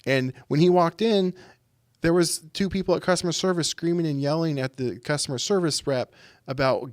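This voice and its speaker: A man's voice: a little high, moderate pace, dry recording, studio quality. A man in casual podcast chat, telling a rambling story and acting out the voices of people he quotes. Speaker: podcast guest.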